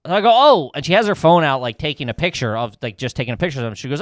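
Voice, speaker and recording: A man tells a story on a podcast in loose, profane chat, acting out what everyone said. His voice is a touch high and swings up and down with energy. The sound is dry and close. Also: fast, dry recording. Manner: animated, profane, acts out quotes. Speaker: podcast host.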